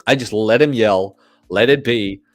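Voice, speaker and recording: A young man hosting a podcast tells a story casually, in a lowish voice at a measured pace, animatedly acting out the voices of the people in it. There's no room sound, just faint music in the background.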